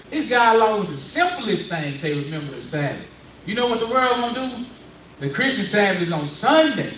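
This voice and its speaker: A man with a high voice preaches in a loose, conversational call-and-response style and keeps prodding a Bible reader. His voice comes from a distance in an echoey room, with a faint room hum behind it. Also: a bit bright. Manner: conversational, prodding, repeats phrases.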